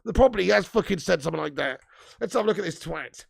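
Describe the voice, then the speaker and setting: Hosting a live football fan stream, a man launches into an indignant, profanity-laced rant, swearing repeatedly as he reacts to the news. His voice is very high for a man, gravelly with heavy vocal fry, and he talks very fast and expressively.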